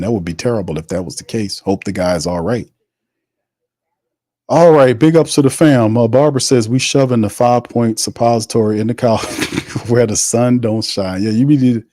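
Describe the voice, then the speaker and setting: A man hosting a live football watch party, calling plays and chatting with viewers in a loose, excitable way. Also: on the low side, dry recording, clean studio sound. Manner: excitable on big hits. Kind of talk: casual live-stream play-by-play.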